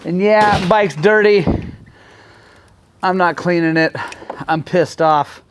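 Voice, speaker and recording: Excitable man in a garage vlog. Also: high voice, takes it slowly, background noise. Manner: excitable, swings from frustrated to elated. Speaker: motorcycle vlogger.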